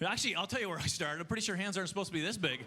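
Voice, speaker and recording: A man doing a stand-up comedy set on stage, telling self-mocking stories in an animated way. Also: high-pitched, racing, background noise. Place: comedy festival stage before a live audience.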